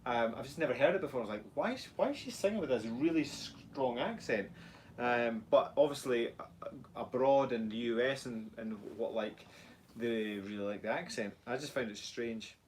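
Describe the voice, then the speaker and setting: A man's voice: mid-range voice, moderate pace, darkish tone, a little hiss or hum. Chatty Scottish man, joking and rambling. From Scotland. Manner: jokey, rambling, reads viewer comments aloud. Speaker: co-host of a live stream. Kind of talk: casual chat.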